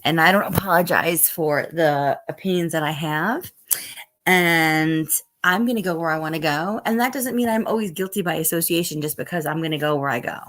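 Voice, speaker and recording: Middle-aged woman, lower-pitched, tired, rambling casual livestream chat. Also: moderate pace, fairly bright tone. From Northeast United States. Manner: chatty, rambling, reads chat aloud. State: tired, yawning. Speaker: livestream host. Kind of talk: casual live stream chat.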